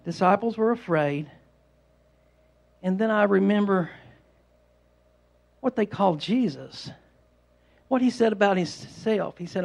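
A man's voice: high-pitched, a little slow, vocal fry, long pauses, a little mellow. A man preaching an informal sermon, rambling and repeating himself as he tells homespun stories. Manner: rambling, repetitive, homespun storytelling. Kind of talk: conversational sermon.

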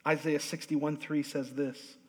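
A male pastor preaching a lively, humorous sermon in a church, drawing responses from the congregation. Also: fairly high pitch, a little slow. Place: church sanctuary. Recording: long hall reverb.

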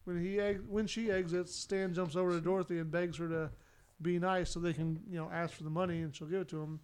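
Smooth higher-voiced man recapping. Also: flat delivery, brisk, a little mellow. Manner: narrates plot with many "uh" fillers. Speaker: podcast host recapping an episode. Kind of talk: casual recap chat.

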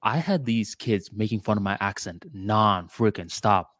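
A man's voice: on the low side, a little slow, fairly bright tone, no room sound, clean studio sound. A man with an American accent who was born in Bangladesh, hosting a casual podcast conversation and asking his guest curious questions. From Bangladesh, raised in the U.S. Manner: curious, asks question after question. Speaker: podcast host.

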